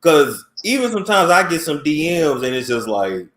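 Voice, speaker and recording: A man hosting a casual call-in chat, talking in a blunt, frank and animated way. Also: on the high side, moderate pace, reverberant. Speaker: host.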